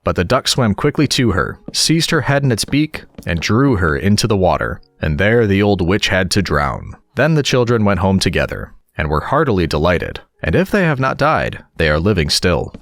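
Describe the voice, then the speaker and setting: A man narrating fairy tales in a calm, relaxing storybook reading. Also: low-pitched, moderate pace, few pauses, no room sound. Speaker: audiobook narrator.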